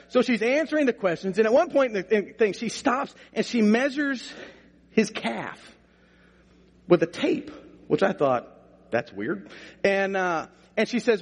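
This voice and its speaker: Brief: middle-aged male pastor, high husky voice, humorous folksy sermon delivery. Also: expressive, brisk. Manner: folksy, humorous storytelling, rising to preaching emphasis. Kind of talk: sermon with storytelling. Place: church sanctuary. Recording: long reverb of a church hall.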